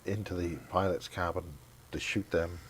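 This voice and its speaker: A man's voice: low-pitched, little pitch movement, moderate pace, fairly bright tone, husky. A man interviewing in a casual conversation, teasing and provoking with mock-earnest remarks.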